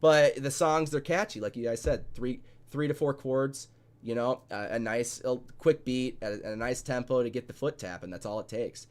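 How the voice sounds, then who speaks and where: A man's voice: mid-range voice, moderate pace, darkish tone. A man in a casual podcast chat, talking bluntly and rambling with plenty of swearing.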